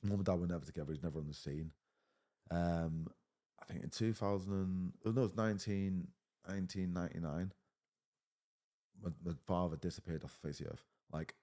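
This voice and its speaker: A man's voice: deep voice, fairly even intonation, fairly quick, mellow. A man in his thirties with an English accent, talking bluntly as a podcast guest, swearing often and saying mate a lot. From England. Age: 30s. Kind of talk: casual conversation.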